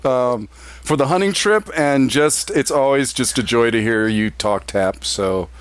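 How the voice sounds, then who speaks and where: A man's voice: medium pitch, a little slow, clean tone, no echo. A man, a tabletop game player, chatting and joking with his group after a session. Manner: animated, laughing, joking.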